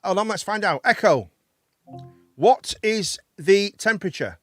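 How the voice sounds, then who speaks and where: A man with a fairly high voice runs a loose chat show, rambling and swearing as he goes. The sound is dry and close, with no room around it. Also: lively intonation, measured pace, no room sound. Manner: rambling, swearing, laughing often. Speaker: host. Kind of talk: casual chat show banter.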